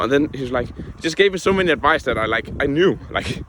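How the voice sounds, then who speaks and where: A man's voice: medium pitch, big pitch swings, brisk, few pauses, background noise. Young man venting in a casual vlog. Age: young adult. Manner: frank, heated, swears often. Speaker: vlogger.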